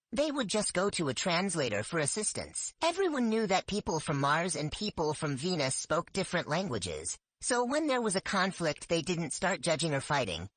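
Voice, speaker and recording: A woman reading a nonfiction audiobook aloud as scripted narration, in an expressive, measured way. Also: on the low side, no room sound.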